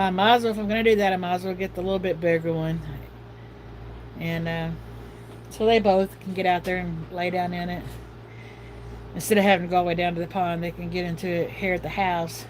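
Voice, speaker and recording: A woman's voice: on the low side, slight background noise, low-quality recording. A middle-aged woman hosting a casual livestream, talking in a chatty, folksy, rambling way. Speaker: livestream host.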